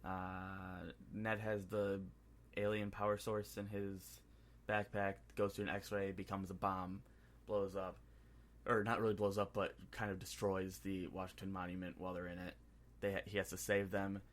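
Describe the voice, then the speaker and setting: Brief: male podcast co-host, lowish voice, excitable scene-by-scene movie recap. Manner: excitable scene-by-scene recap, dropping into quick impressions. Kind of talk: casual movie review chat.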